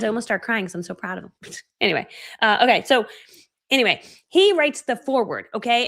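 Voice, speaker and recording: A woman in her forties presenting a motivational training talk as an online course coach, chatty and self-deprecating, acting out her own past reactions. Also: mid-range voice. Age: 40s. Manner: self-deprecating, chatty, many fillers like "right?".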